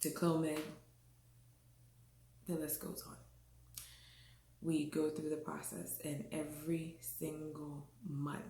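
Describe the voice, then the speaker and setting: A woman's voice: low voice, completely flat delivery, takes it slowly, pauses often, warm tone, a little hiss or hum. A woman from the Caribbean telling her own story frankly and expressively, laughing often and acting out what people said. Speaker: vlogger. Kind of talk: candid personal storytelling. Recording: echoey room.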